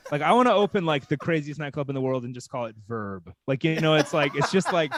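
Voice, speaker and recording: Podcast guest, man from Texas, higher voice, chatty and laughing through his story. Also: fast, crowd noise. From Texas, USA. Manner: animated, lots of "like", laughing while he talks. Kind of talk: casual comic storytelling.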